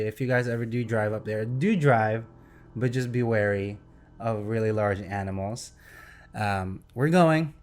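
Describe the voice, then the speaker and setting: A young man tells a story on a casual podcast, animated and excitable, throwing in sound effects as he goes. His voice sits at an ordinary middle pitch. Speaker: podcast host.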